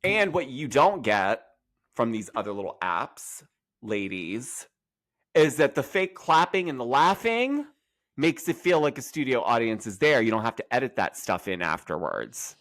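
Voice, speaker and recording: Guy co-hosting a gossip podcast, sassy and quick, voice swooping all over the place. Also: mid-range voice. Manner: animated, sassy, quick comic asides. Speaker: podcast co-host. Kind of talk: casual gossip chat.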